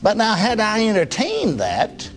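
A man's voice: high voice, huge pitch swings, unhurried, soft background music. A man preaching a sermon testimony in a folksy storytelling way, often chuckling.

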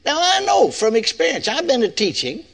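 An older man delivers a sermon in a high voice that rises and falls a great deal. He keeps it folksy and conversational, often asking the congregation rhetorical questions. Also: huge pitch swings, moderate pace, creaky, fairly bright tone. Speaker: preacher.

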